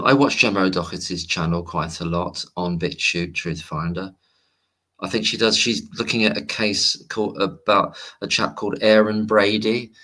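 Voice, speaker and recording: Rambling deep-voiced man livestreaming. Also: fairly bright tone. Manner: rambling and digressive, reads viewer comments aloud. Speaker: livestream host. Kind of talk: casual late-night livestream chat.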